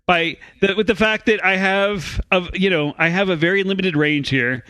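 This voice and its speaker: A man's voice: high voice, moderate pace, pushed and bright, clear, resonant tone, no room sound, poor audio. A man co-hosting a comedic news podcast, reading stories and hesitating self-consciously between laughs.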